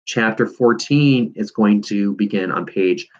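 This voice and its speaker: A man reading a children's novel aloud in an expressive storytelling manner. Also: on the low side, a little slow, highs cut off. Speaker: reader.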